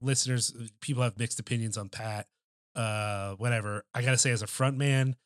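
A man's voice: mid-range voice, steady tone, fairly quick, no room sound, studio quality. A man co-hosting a podcast in casual chat, telling a loose, profane story with lots of filler words. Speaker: podcast co-host.

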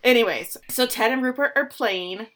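Lively woman retelling a story. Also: a little high, normal speed. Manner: animated storyteller, acts out characters' lines. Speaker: podcast co-host recapping an episode. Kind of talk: casual chat.

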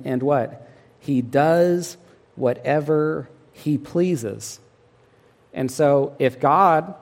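A man's voice: a little high, in a large hall. A man preaching a sermon in an earnest, emphatic way, often asking his listeners rhetorical questions. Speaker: pastor.

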